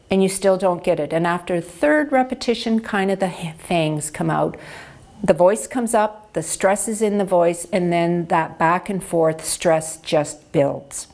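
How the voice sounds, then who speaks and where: This hearing care counselor, a woman, delivers a health education talk through a lapel microphone at a measured pace. Her voice is on the low side and a little mellow, and she explains patiently and clearly using practical examples.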